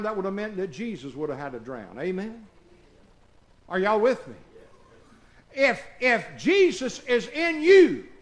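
In church, a man with a high voice preaches a call-and-response sermon, throwing questions at the congregation as he shifts between hushed lines and shouted ones. He is a pastor.

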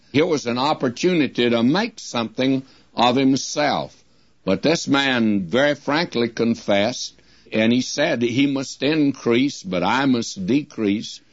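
Older man, radio preacher, slow deliberate delivery, drawn-out scripture quotes, dry close sound. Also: mid-range voice, expressive, no echo. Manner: slows to a drawn-out crawl when quoting scripture. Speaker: radio Bible teacher. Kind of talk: radio Bible sermon. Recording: muffled old radio broadcast recording.

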